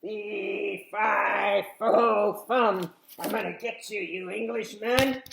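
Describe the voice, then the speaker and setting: A woman voicing a huge, bad-tempered male giant who booms his chant slowly for a storybook reading. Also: fairly even intonation, vocal fry, echoey room. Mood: menacing. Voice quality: booming, drawn-out chant.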